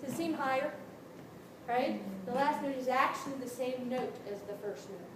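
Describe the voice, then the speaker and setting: A woman vocal instructor leading a group singing lesson, brisk and encouraging, checking in with the class and singing demonstration notes. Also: high-pitched. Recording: echoey room from a distance, noisy.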